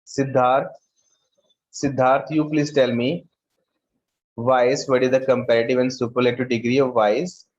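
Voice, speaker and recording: A male school teacher with an Indian English accent who talks slowly, repeats words and calls on students by name. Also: mid-range voice, little pitch movement, a little mellow, lo-fi sound. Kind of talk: online class lesson.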